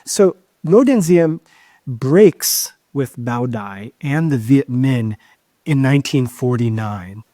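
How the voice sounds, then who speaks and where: A man's voice: mid-range voice, animated, takes it slowly, warm tone, no room sound. A man co-hosting a podcast who explains history in an emphatic, lecturing way, often stopping to stress key points. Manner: lecturing, emphatic, with frequent "keep in mind" asides. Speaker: podcast co-host.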